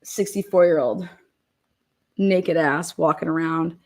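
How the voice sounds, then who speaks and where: In a low voice and at a slow pace, this woman, an online commentator, tells stories in casual chat. Her talk is full of swearing, frequent laughter, and the word "like."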